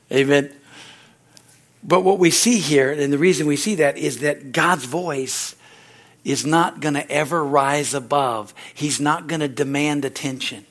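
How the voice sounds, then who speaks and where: Preaching in a conversational style, this man frequently checks in with "Amen?" and performs the voices he quotes, swelling loud at climaxes and falling quiet afterward. He's a pastor with a fairly high pitch who speaks slowly and pauses often.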